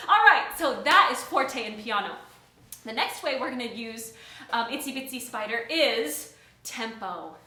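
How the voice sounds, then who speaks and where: A woman's voice: fairly high pitch, lively intonation, unhurried, pushed and bright. A woman teaching a children's music class, singing nursery songs and cheerfully coaxing the kids to join in. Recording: echoey room.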